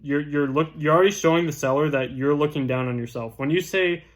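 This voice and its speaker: In a steady, fairly high voice at a quick pace, a young real estate agent casually runs through door-knocking scripts. His chatty teaching is punctuated again and again by "right?"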